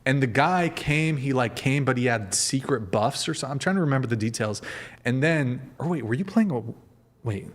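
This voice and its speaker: A man hosting a livestreamed podcast in an easygoing, loose way. His voice sits at an ordinary middle pitch, and he rambles along, dropping swear words and speaking straight to the chat. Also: lively intonation, fairly quick. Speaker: podcast host.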